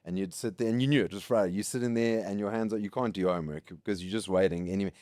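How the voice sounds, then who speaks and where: A man's voice: fairly low pitch, very fast, no echo, studio quality. A South African man in his late thirties, a podcast guest telling school stories in a casual chat and laughing often. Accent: South African English. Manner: laughs often, lively anecdotes.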